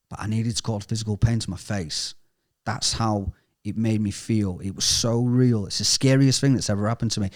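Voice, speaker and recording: A man giving a candid, emotional personal testimony in an interview, speaking haltingly and often trailing off quietly. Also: lowish voice. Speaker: interviewee sharing a recovery story.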